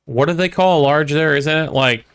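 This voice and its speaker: A man co-hosting a podcast in casual chat, tossing in quick jokey interjections. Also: on the high side, fairly bright tone, clean tone. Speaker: podcast co-host.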